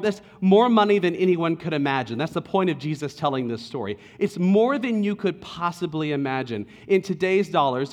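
Male pastor preaching in an echoing hall. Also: on the high side. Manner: conversational storytelling, drops to hushed tones. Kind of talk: sermon.

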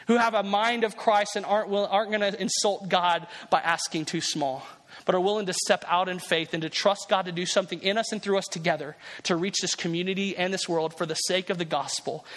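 A man's voice: high voice, fairly bright tone, long reverb tail. A man preaching a sermon as pastor, earnest and emphatic, often restarting and repeating words.

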